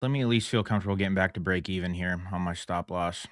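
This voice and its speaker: A man's voice: low voice, fast, no room sound, clean studio sound. A man chatting casually on a trading livestream, rambling and self-mocking, laughing often as he talks. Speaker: livestream trader.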